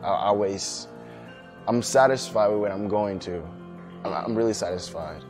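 Brief: male recruit, deep sincere voice, reflective, music clearly under. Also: normal speed, a little mellow. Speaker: Navy recruit interviewed in a documentary. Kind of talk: documentary interview.

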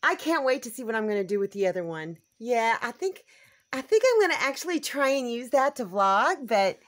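A woman's voice: on the high side, very animated, fairly quick, fairly bright tone. A woman chatting casually to the camera in a homestead vlog, rambling and thinking aloud as she goes. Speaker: homestead vlogger. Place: small home at night, later outdoors in the yard.

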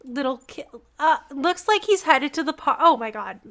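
An excitable young woman on a live game stream, with a high voice. Her tone is bright and sharp. She giggles and reacts out loud as she plays and reads along. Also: normal speed.

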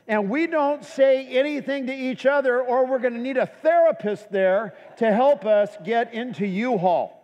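A man with a high voice preaches in a church, mixing humorous personal stories with earnest appeals. His voice carries a long reverb from the hall around him. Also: darkish tone, muffled recording. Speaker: pastor. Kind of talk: sermon.

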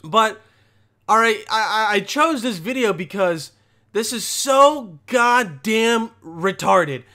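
A young man with a high, light voice rants through comedic reaction commentary. He rambles, swears freely and works himself into mock outrage. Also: animated, takes it slowly, pushed and bright. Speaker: commentary host.

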